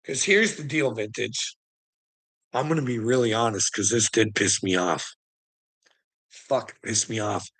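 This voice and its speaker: A man's voice: on the low side, measured pace, pauses often, a bit bright, husky. A middle-aged man telling a heated, profane story in a casual vlog rant, laughing often between lines. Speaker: vlogger.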